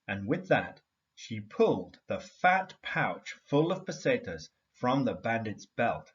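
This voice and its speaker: A man reading a story aloud to a class in an expressive storytelling manner. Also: medium pitch, slow, lo-fi sound. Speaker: teacher.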